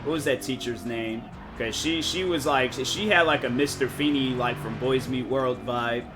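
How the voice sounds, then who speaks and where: A man's voice: medium pitch, normal speed. Rambling male streamer over game music. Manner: rambling, lots of "like" and restarted sentences. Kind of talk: casual chat on a live stream.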